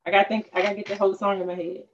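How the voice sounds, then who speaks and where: A woman in casual chat over a music quiz, animated and slangy, laughing as she talks. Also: mid-range voice, rapid-fire. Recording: dull lo-fi sound.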